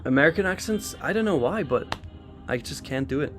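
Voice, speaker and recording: A man's voice: fairly high pitch, expressive, a little fast, fairly bright tone, soft background music. A man raised in Switzerland hosting a live trading stream, giving casual market commentary and answering viewer chat. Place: in London for a trading expo.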